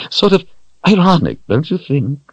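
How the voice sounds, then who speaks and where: A man's voice: a little high, wildly swooping pitch, slow, husky, no room sound, lo-fi sound, pitched above the performer's own voice, full character voice. A man voicing a cold, smug, menacing male sorcerer who speaks in a silky, mocking way.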